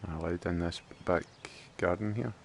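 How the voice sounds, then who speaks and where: Chatty streamer with a very deep voice. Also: male voice, brisk, vocal fry, a little hiss or hum. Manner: chatty, joking, thinks aloud. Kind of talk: casual let's play commentary.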